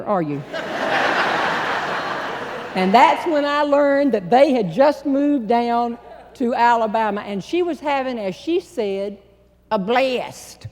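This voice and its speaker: A woman with a Southern American accent, a humorist telling a story to a live audience, with a folksy, drawn-out delivery and deliberate pauses. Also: high-pitched, a little mellow. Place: large hall before a live audience. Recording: long reverb in a large hall.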